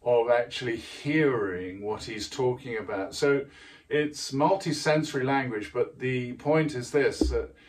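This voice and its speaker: Deliberate slow-speaking male teacher. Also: medium pitch, far from the mic. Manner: measured, deliberate delivery with careful emphasis. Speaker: writing teacher. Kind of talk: explaining poetry to camera.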